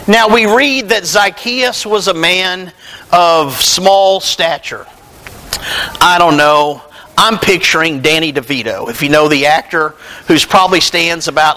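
A man preaching a sermon, animated and conversational, joking with his congregation. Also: on the high side, a little slow, poor audio. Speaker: pastor.

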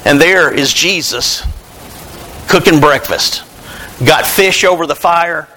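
A male pastor preaching a sermon, retelling Bible stories and acting out their dialogue in an animated way. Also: on the high side, slow, slight background noise.

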